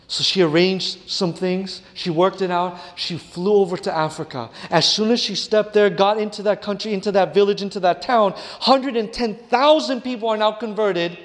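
A male preacher telling a story in a sermon, dramatic, often dropping his voice to a hush for effect. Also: high-pitched, normal speed, few pauses, in a large hall. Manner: dramatic, drops to a hush, addresses listeners as "friends".

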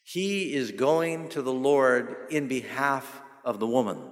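A male pastor preaching a sermon, asking the audience questions and answering them himself, and slowing down to stress key phrases. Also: mid-range voice. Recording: long reverb of a large hall.

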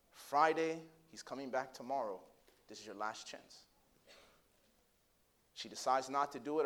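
A male pastor preaching a sermon, telling a story in a low hushed voice and then rising into loud, impassioned preaching with rhetorical questions to the congregation.

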